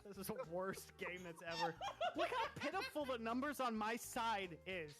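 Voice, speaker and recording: A woman's voice: mid-range voice, sing-song, normal speed, loud music behind the voice. A young woman playing games with friends, teasing, sarcastic and dramatic. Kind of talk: casual gaming chat.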